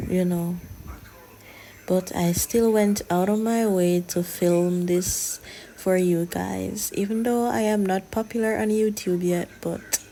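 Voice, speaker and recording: Slow, soft-spoken young woman vlogger. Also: mid-range voice. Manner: soft, drawling, often half-whispered, chatty. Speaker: hair vlogger. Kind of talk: casual hair tutorial voiceover.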